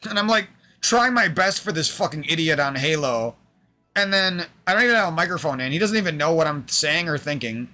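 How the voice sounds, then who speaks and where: A man's voice: fairly high pitch, lively intonation, fairly quick, sharp tone. A young man streaming, venting in a rambling, aggrieved monologue full of swearing.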